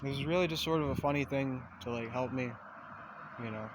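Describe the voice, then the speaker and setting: A man's voice: medium pitch, fairly quick, background noise. Profane, rambling man talking outdoors. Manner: profane, meandering, self-aware. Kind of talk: rambling casual monologue.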